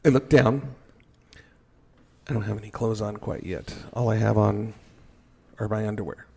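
A man telling a firefighting story in a casual podcast chat, animated and joking at his own expense. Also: on the low side, moderate pace, vocal fry, slight background noise. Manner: animated, acts out his own panicked thoughts, jokes at himself.

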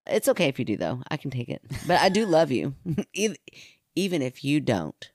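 A woman's voice: deep voice, big pitch swings, moderate pace, a little mellow, no room sound, clean studio sound. Playful woman co-hosting a podcast. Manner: playful, laughing, teasing. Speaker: podcast co-host. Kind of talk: casual chat, reading listener stories.

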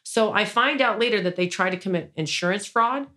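A woman of middle pitch tells a long personal story as an interview guest, rambling from one point to the next with frequent fillers and restarts. Her tone turns indignant as she recounts being wronged. It sounds like casual talk rather than a prepared account. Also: brisk, fairly bright tone. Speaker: small business owner, interview guest.

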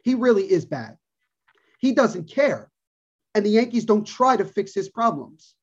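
A man's voice: sits high, sing-song, unhurried, husky. Man ranting emphatically on a lo-fi podcast. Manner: emphatic, repeats points for stress. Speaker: podcast co-host. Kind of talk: casual sports talk, opinionated rant. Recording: dull lo-fi podcast audio.

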